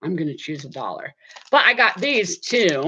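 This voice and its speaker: A woman's voice: lowish voice, big pitch swings, normal speed, pushed and bright, lo-fi sound, a little hiss or hum. A woman hosting a casual live stream from her home desk, chatting straight to her viewers.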